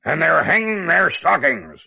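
A man putting on a sour green creature with a sneer, high and swooping, with a gravelly, raspy edge. Bright and sharp, with slow, drawn-out words. Dull old cassette sound. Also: very animated, faint music behind, full character voice. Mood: snarling. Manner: snarling, sneering. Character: sour grumpy male green Grinch creature.

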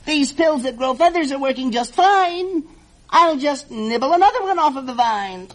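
A woman's voice: sits high, animated, poor audio. A woman voicing a jealous young female bird who pleads and whines, in a storybook reading. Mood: scheming. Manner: pleading, whiny, slow.

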